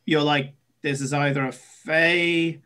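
Chatty game master man, higher voice. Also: steady tone, slow pace, sharp tone. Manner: casual, chatty, many fillers. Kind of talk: narrating a tabletop game.

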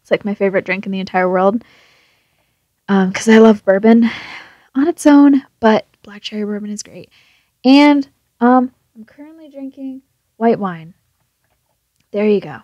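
A woman's voice: medium pitch, lively intonation, a little slow, pauses often, warm tone, no echo, muffled recording. A tipsy young woman chatting and swearing through a let's play, talking back to the game's character. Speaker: gamer. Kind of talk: casual drunk let's play commentary.

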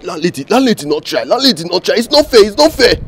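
A man's voice: high voice, big pitch swings, rapid-fire. A man with a Nigerian accent playing a cocky young street star who protests indignantly in a comedy skit.

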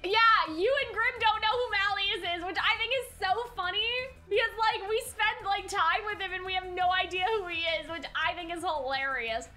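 A woman's voice: very high-pitched, moderate pace, hardly any pauses, pushed and bright. A young woman streaming, reacting casually to a game with giggly, rambling chatter.

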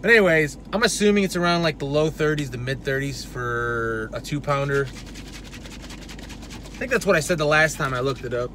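A man's voice: on the high side, animated, normal speed, fairly bright tone, slight background noise. A man giving a casual, profane product review in a brash, loose way. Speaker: supplement reviewer.

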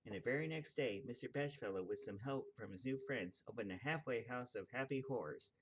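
A man's voice: medium pitch, fairly quick, noisy background. Man reading a children's book aloud. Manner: casual, chuckles at the story. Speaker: reader.

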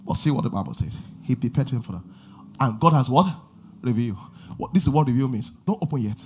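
A man preaching a sermon as pastor, asking the congregation questions and building to shouted passages. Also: medium pitch, lively intonation, fast talker, slight background noise.

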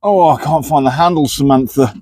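A man's voice: a little high, a little fast, darkish tone, breathy edge, dry recording. A man hosting a car walkaround, joking and teasing his co-host in playful banter.

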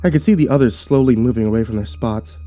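A man narrating a first-person horror story in a subdued, measured way. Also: medium pitch, warm tone, faint music behind.

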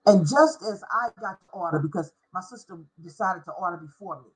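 Husky-voiced woman giving an emotional testimony. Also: on the low side, a little fast, rough recording. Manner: emotional, spells out words, sings briefly. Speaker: former schoolteacher. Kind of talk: personal testimony.

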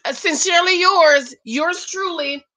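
A woman's voice: very high-pitched, unhurried, sharp tone. A middle-aged woman giving sassy, exclamatory commentary while reacting to a reality show and talking straight to her viewers. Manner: sassy, exclamatory, talks to viewers as "child" and "ladies". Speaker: reaction video host.

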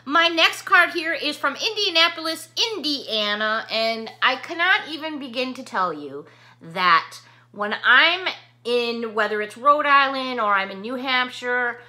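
A woman's voice: high voice, lively intonation, unhurried, bright, forceful tone. A middle-aged woman vlogging casually, effusively thanking viewers for cards between bursts of frustration. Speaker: YouTube vlogger. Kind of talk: casual chat showing mail to viewers.

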